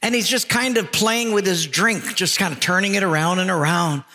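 A middle-aged male pastor preaching a folksy, animated sermon, telling funny stories and acting out their voices. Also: high voice, moderate pace. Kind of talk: sermon with storytelling. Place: church hall. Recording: long reverb of a large hall, music faint behind.

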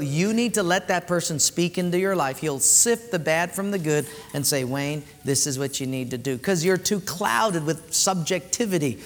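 In a church, a male pastor with a high, bright voice delivers a sermon full of animated stories and playful sound effects. The hall adds a long, echoing reverb to everything he says.

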